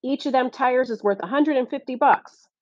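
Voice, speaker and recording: A woman reading an audiobook, voicing an irritable male construction foreman who grumbles indignantly in rough grammar. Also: sits high, normal speed, a little mellow, dry recording, dull audio, pitched above the performer's own voice, natural voice. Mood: grumbling. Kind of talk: audiobook character voice.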